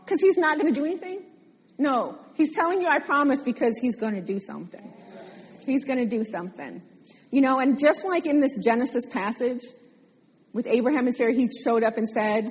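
A woman preaching a sermon in a lively, animated way, repeating phrases for emphasis. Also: high voice, a little fast, slightly rough. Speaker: pastor. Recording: long hall reverb.

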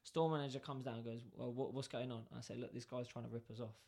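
A man tells a long story in relaxed conversation. His voice sits at a middle pitch. He acts out the exchanges with lively back-and-forth dialogue. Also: fast talker, gravelly. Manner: animated, acts out both sides of dialogue. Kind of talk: casual storytelling.

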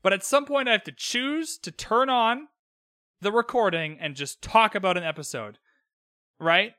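A young man with a high, lively voice recaps a show on his own podcast mic. His tone is bright and sarcastic, and he swears freely. The sound is dry and close. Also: normal speed, smooth, no room sound. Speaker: podcast host. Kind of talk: casual recap commentary. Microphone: own podcast microphone.

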